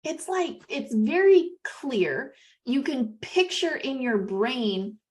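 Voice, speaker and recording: A woman's voice: fairly high pitch, measured pace. Chatty woman podcast host. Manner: conversational, many "you know" and "right?" tags. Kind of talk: casual podcast conversation.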